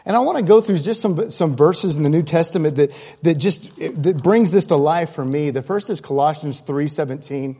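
A man's voice: fairly high pitch, moderate pace, few pauses, dark tone, husky. A man preaching a sermon in a conversational, earnest way, with asides and restarts. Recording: long hall reverb.

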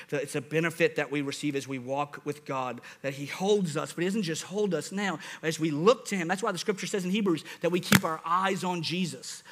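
A young man preaches with a high, bright, ringing voice. He tells his stories in an animated way, his voice swinging up and down. It sounds like a sermon. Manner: animated storytelling with big vocal swings. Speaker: pastor.

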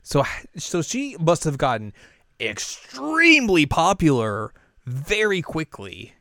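A young man co-hosting a casual podcast, recapping an anime in a rambling, animated way and now and then jumping into high character voices. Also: takes it slowly, no room sound, studio quality. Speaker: podcast co-host.

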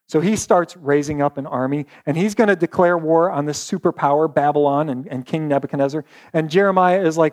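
A man preaching a sermon in an animated, conversational storytelling manner, often restarting his words. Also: fairly high pitch, brisk, few pauses. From West Virginia. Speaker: pastor.

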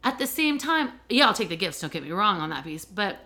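A middle-aged woman talks straight into her podcast mic about the children and families she works with. She tells her stories in an animated, candid way, full of "you know" and "like". Her voice sits at an ordinary mid pitch for a woman. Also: fairly quick. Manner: candid, animated storytelling with frequent fillers. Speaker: podcast host and educator working with children and families. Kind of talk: casual podcast monologue.

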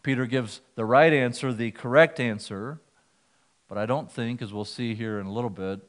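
A man's voice: mid-range voice, normal speed. A man preaching a sermon to his church, explaining scripture in an earnest teaching manner with occasional restarts. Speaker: pastor.

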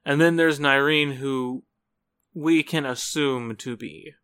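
Bright, rambling young man. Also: medium pitch, slow, clean tone. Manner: rambling and hesitant, full of restarts. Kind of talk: casual chat.

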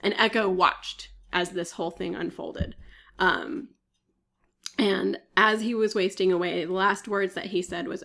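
A woman's voice: mid-range voice, steady tone, a little slow, gravelly, bright, forceful tone. A woman co-hosting a podcast, retelling a myth in a chatty storytelling way with many fillers and frequent coughs. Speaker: podcast co-host. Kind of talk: casual chat, retelling a myth.

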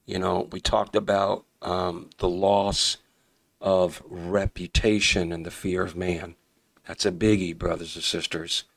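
A man preaching fervently as a podcast host, repeating key phrases and addressing listeners as brothers and sisters. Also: low voice. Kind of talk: impassioned preaching.

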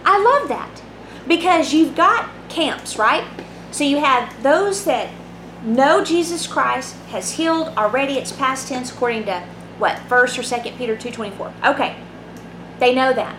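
A woman giving a conversational Bible teaching, reading scripture aloud and often checking in with her listeners with a quick "right?". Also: sits high, lively intonation, a bit bright. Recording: roomy echo, faint background hum.

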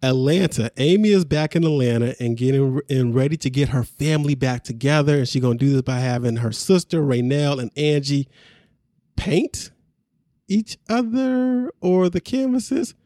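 A man talks through a reality episode in easy, chatty podcast fashion. His voice sits a bit high but sounds mellow and warm. The recording is close and dry. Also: moderate pace, no echo. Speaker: podcast co-host recapping a reality show. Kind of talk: casual chat.

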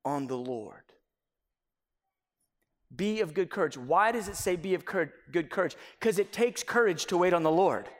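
Male pastor, sermon delivery, higher-pitched, animated storyteller who whispers for emphasis; long hall reverb. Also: fairly quick, hardly any pauses. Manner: animated, acts out everyday dialogue in little scenes; drops to a near whisper for emphasis.

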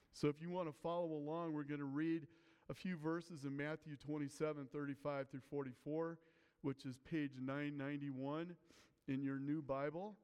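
A man's voice: a little high, darkish tone, clean tone. A man preaching a sermon as pastor, explaining a passage in an earnest way and reading scripture aloud to the congregation. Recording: long hall reverb.

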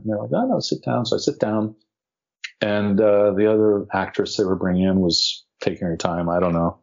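A man tells a casual anecdote from his acting days, his speaking voice sitting on the lower side. He slips into the other people's voices as he quotes them. The recording sounds dull and lo-fi. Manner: animated, acts out quotes of others. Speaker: actor telling a story. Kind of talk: casual storytelling.

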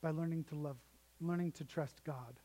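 A man's voice: on the high side, moderate pace, warm tone, low-quality recording. A young man preaching a sermon in a conversational storytelling way, often restarting sentences. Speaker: pastor.

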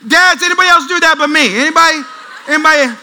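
A pastor with a very high voice preaches fast and with humor, telling family stories and acting out the scenes. He stays animated and talks directly with the congregation.

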